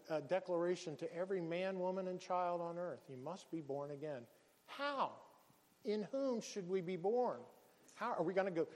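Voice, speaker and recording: A man's voice: fairly high pitch, darkish tone, in a large hall. A man preaching a sermon as pastor, earnest, calling his listeners brethren and children, often repeating and restarting words.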